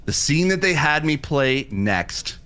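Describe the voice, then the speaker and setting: A man hosting a livestream, telling a personal story in a casual way and acting out his own excited reactions. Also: on the high side, measured pace, smooth. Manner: animated retelling that acts out his own past reactions. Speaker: livestream host.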